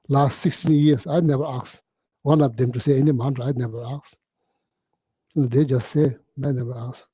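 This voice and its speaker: Halting man with a husky mellow voice. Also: mid-range voice, no room sound, rough recording. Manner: halting, repeats phrases, frequent throat clearing, non-native English. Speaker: Buddhist teacher. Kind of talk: informal dharma talk.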